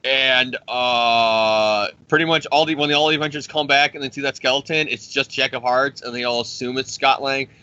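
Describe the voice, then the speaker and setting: A man's voice: mid-range voice, steady tone, pushed and bright, smooth, dry recording, dull audio. A man casually recapping a comic storyline, rambling and profane, and briefly voicing the characters as he goes. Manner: rambling, profane, acts out characters in quick impressions. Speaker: comic book podcast host.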